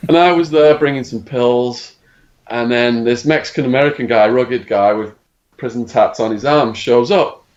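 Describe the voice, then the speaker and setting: English man, middle-aged, animated storyteller, acts out quotes, dull lo-fi sound. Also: medium pitch, moderate pace. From England. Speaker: guest. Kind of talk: storytelling interview.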